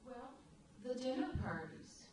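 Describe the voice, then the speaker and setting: A woman on a library panel recalling a friend, speaking in an unhurried way with pauses. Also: high-pitched, big pitch swings, a little mellow. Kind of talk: reminiscing on a panel. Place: library event room. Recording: echoey hall from far off with noise.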